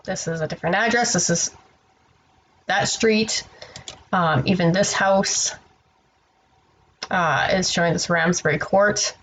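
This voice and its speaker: A woman's voice: lowish voice, a little slow, pauses often, a bit bright, a little hiss or hum, poor audio. A woman telling a story to camera in a casual vlog. She sounds tired and exasperated, rambles, and swears freely. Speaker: online seller vlogger.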